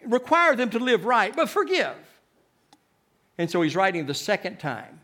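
A man preaching a sermon, swinging from loud, emphatic lines to hushed ones and often repeating his words. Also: high-pitched, big pitch swings, moderate pace.

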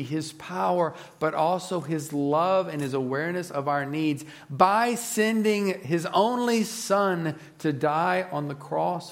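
Male pastor, reflective sermon delivery, gravelly texture, sinks to quiet low tones. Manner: reflective, earnest, often drops to a soft low voice. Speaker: preacher.

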